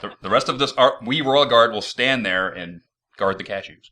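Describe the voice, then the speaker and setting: A man's voice: mid-range voice, moderate pace, bright, forceful tone. A man hosting a casual podcast interview, upbeat and joking, full of enthusiasm. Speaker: host. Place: San Jose, California.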